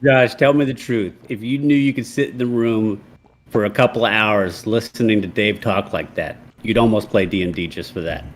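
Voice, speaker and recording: A man's voice: fairly low pitch, moderate pace. A man co-hosting a casual comedy podcast, egging his friends on. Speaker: podcast co-host.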